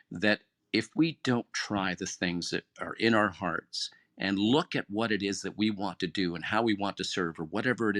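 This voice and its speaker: A man's voice: lowish voice, fairly bright tone, no room sound, clean studio sound. A man hosting an online audio room, giving an earnest, encouraging motivational talk. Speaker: host. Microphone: phone or headset in an online audio room.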